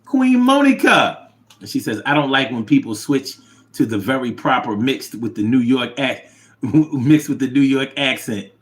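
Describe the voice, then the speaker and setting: Animated man reading chat aloud. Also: measured pace. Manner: animated, drops to low mumble reading comments. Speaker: livestream host reading chat. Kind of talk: casual chat.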